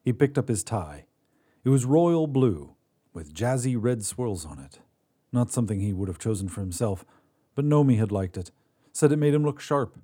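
A man hosting a fiction podcast, reading a short story in a measured way that drops quiet on sad moments. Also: mid-range voice, sing-song, husky. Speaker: podcast host and narrator. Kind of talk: scripted story narration.

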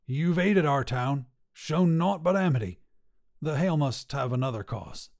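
A man voicing a forceful male leader of a village mob. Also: on the high side, expressive, measured pace, pitched above the performer's own voice. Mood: apologetic.

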